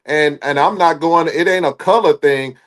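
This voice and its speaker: A man with a high voice talks sports in a loose, animated way. He preaches and jokes as he makes his points, like a co-host riffing on a casual talk show. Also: moderate pace.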